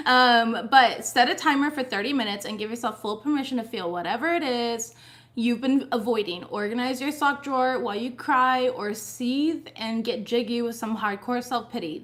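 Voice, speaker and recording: A young woman with a high voice gives a casual tarot reading. She talks in a loose, chatty way, swears freely and laughs often. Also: a bit bright. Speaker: tarot reader.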